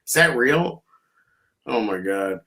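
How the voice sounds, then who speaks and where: A man talking sports with friends in loose, profane banter. His pitch swoops widely as he mimics players, and his tone stays bright and forward. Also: slow pace, gravelly. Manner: profane, animated, acts out players' reactions. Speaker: podcast co-host.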